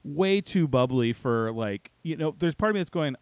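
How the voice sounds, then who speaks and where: A man co-hosting a casual chat, retelling a story with lots of fillers and quoted asides. His voice sits a bit high and swings widely in pitch. The sound is dry and close. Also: normal speed, no echo. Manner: animated, filler-heavy, quotes himself and others.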